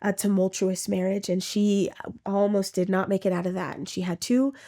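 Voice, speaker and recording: A woman shares a personal faith testimony at an ordinary pitch. She talks in a halting, heartfelt way, restarting and repeating words as she goes. Now and then she acts out her own past words. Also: steady tone, mellow. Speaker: testimony speaker.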